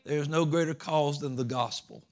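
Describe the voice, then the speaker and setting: A man's voice: fairly high pitch, steady tone, normal speed. A middle-aged man with a Georgia Southern accent preaching a sermon in an earnest, folksy way, often repeating words.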